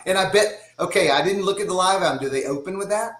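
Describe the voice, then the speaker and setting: A man's voice: high voice, normal speed, a bit bright, echoey room, slight background noise, low-quality recording. A man in his fifties with a Southern US accent, a guest drummer chatting casually in a rambling way and laughing often. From Georgia, US. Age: 50s. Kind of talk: casual chat.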